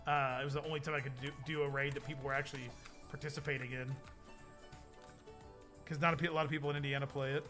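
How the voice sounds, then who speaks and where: A young man hosting a livestream, chatting casually in an excitable, rambling way. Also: medium pitch, quick pace, pauses often, faint music behind. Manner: excitable, rambling, laughs often. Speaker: livestream host. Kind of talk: casual stream chat.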